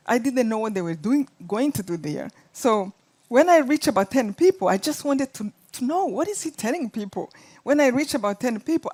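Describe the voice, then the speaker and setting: A woman's voice: a little high, darkish tone. A middle-aged woman from Rwanda with a Rwandan accent, earnestly retelling her life story as a guest and acting out the quotes. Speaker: guest speaker. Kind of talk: storytelling in an interview.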